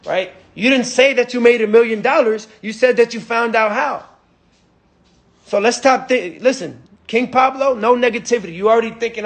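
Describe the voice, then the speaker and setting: A man in his twenties giving emphatic, repetitive motivational sales coaching, full of "bro" and "right?". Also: moderate pace. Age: 20s. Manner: acts out a breathless pitch to a friend. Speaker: sales trainer.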